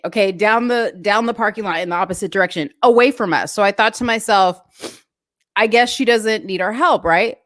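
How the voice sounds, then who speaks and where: Chatty woman ranting, slightly high voice. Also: dry recording, studio quality. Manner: chatty, animated retelling with asides. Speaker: vlogger. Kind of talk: casual storytelling rant.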